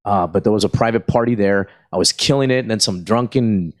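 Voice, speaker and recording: A middle-aged man from South Texas, a comedian guest chatting casually and telling animated stories, full of fillers and acted-out voices. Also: fairly low pitch, brisk. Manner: animated storyteller, acts out voices, frequent fillers. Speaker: stand-up comedian, podcast guest. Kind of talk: casual storytelling chat.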